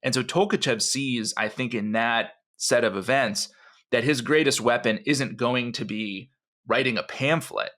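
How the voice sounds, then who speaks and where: Unhurried and a bit bright, this mid-range male voice is a podcast co-host meandering through a history story. He chats along with plenty of asides, frequent "you know"s, and restarts.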